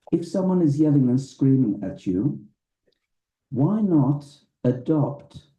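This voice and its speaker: A man lectures as a rabbi in a live hall, his voice dark and mellow and his pace unhurried. The sound is roomy and a little muffled, with the hall ringing around each phrase. He teaches in a deliberate, emphatic way. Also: mid-range voice, far from the mic. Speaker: rabbi giving a talk. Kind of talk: public lecture. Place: event hall with a live audience.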